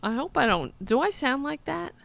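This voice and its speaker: A woman hosting a political podcast, talking in a sarcastic, mocking way with quick asides. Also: sits high, sing-song, vocal fry, a bit bright. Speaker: podcast host.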